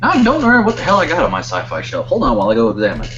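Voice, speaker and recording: A man's voice: mid-range voice, huge pitch swings, very fast, fairly bright tone, muffled recording, slight background noise. A man co-hosting a podcast in casual chat, meandering through his thoughts and losing his train of thought. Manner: meandering, wanders off mid-thought. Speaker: podcast co-host.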